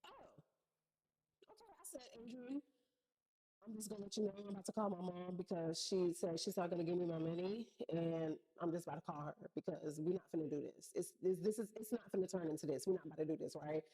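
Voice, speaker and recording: Mellow-voiced woman telling a story. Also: on the low side, fast, poor audio. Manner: animated, slangy retelling with acted-out quotes. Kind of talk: casual storytime chat.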